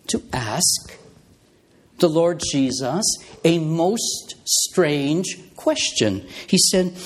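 Slow, husky male preacher. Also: fairly high pitch. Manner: measured, emphatic preaching with rhetorical questions. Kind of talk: sermon.

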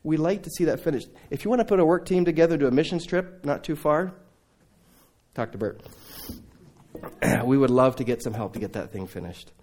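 A man preaching a sermon to a congregation, telling Bible stories in a lively way, acting out the dialogue and turning to his listeners with asides. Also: a little high, brisk, long pauses. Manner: animated storytelling, acting out biblical dialogue. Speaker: preacher raising funds for a mission training center.

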